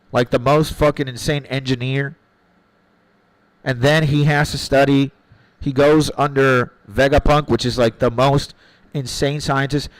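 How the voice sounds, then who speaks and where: Here a man answers viewers during a casual game stream, freely swearing, sharing strong opinions, and repeating himself while he collects his thoughts. He has a mid-range voice, and the audio is poor but free of room sound.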